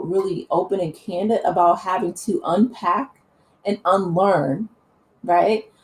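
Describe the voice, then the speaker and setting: A woman's voice: mid-range voice, rough recording. A woman vlogger giving impassioned, earnest opinion commentary, with many fillers and restarts.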